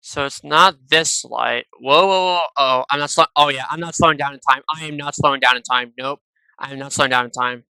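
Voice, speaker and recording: A gaming video creator talks a little fast through rambling, chatty gameplay commentary aimed at viewers, recorded on a gaming headset at his home PC, and he adds "though" and "and stuff" to nearly every phrase. His mid-range voice is pushed and bright with a clean tone. The recording is dry and rough.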